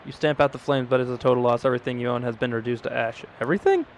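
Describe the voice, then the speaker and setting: A man's voice: mid-range voice, level tone, rapid-fire, a little hiss or hum. A man playing a video game who reads its dialogue aloud, joking and swearing between lines. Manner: reads dialogue in mock old English, swears, jokes. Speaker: gaming YouTuber. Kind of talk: let's play commentary, reading game text aloud.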